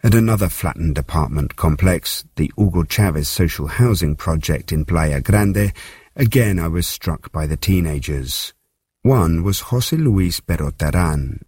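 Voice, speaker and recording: A male reporter with a low, husky voice reads his field report as a measured, scripted narration. The sound is dry and close, with no room around it. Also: animated, darkish tone, no room sound. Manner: measured, storytelling delivery.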